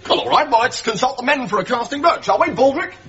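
Here is a naive, bubbly posh young officer. His voice runs very high and swoops all over. Clear hiss sits under dull, old TV sound. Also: animated, fast talker, a bit bright, exaggerated voice. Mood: gushing. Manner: gushing upper-class enthusiasm. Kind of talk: sitcom acting before an audience.

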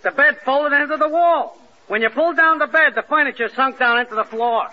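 A man playing a simple-minded, hapless husband in a 1940s radio comedy, giving deadpan, folksy, ungrammatical answers. It is a muffled old radio broadcast with hiss. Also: extremely high pitch, brisk.

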